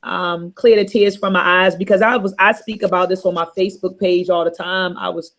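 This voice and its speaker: A middle-aged woman on a talk panel, telling a personal story in a candid, earnest and softly emotional way. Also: lowish voice, little pitch movement, brisk. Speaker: panel host.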